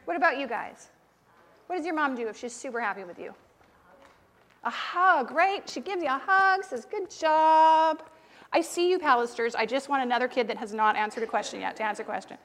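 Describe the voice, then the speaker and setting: High-voiced woman giving a children's sermon. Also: brisk, big-room sound. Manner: lively, questioning, encouraging. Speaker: pastor leading a children's talk. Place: church.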